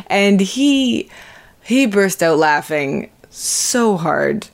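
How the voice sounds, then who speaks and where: A woman's voice: mid-range voice, animated, very slow, vocal fry. A woman hosting a podcast, telling a story about herself in a candid, self-deprecating, chatty way, swearing casually and laughing at herself. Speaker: podcast host. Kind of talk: casual monologue intro.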